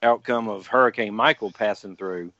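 A man's voice: on the low side, moderate pace, pushed and bright, dry recording. A man talks thoughtfully in a casual podcast chat. The audio is dry and close, with a dull, lo-fi edge.

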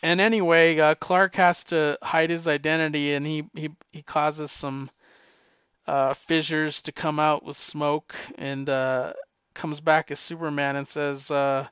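A man's voice: a little high, fairly even intonation, measured pace, a bit bright, clean tone, no room sound, highs cut off. A young man casually retelling a story, chatty and amused, with plenty of fillers.

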